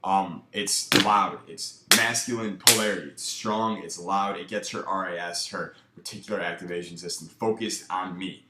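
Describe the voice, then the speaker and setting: Male dating coach, low voice, relaxed commentary, echoey room. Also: moderate pace, few pauses, slight background noise. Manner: laid-back, filler-heavy, with many "um" and "like". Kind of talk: casual commentary breaking down footage.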